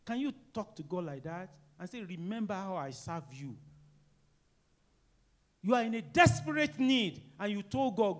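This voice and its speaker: A middle-aged man preaching a sermon, swinging between loud emphatic rises and quiet, low asides. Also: sing-song, moderate pace. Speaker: pastor.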